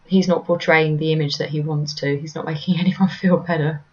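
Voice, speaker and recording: Lower-voiced woman recapping manga panels. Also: steady tone, a little fast, dull audio. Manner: narrates panels, reads lines aloud with small stumbles. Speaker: podcast co-host. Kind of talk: casual chat recapping a manga chapter.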